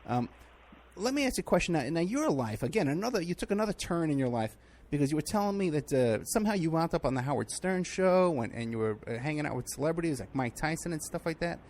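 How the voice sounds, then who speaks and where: Guy hosting an interview show, talks fast, earnest questions. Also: on the high side, big pitch swings, darkish tone. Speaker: host.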